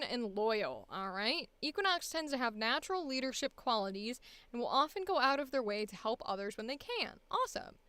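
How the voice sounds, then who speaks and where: A woman's voice: on the high side, fairly bright tone, clear, resonant tone, no echo. Chatty, self-deprecating woman voice actor. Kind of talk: casual talk while recording an audition.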